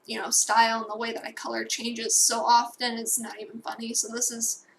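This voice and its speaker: A young woman briskly narrates a digital painting tutorial from home, her somewhat high, gravelly voice completely flat. The casual voice-over rambles and self-corrects with fillers and asides, with slight background noise.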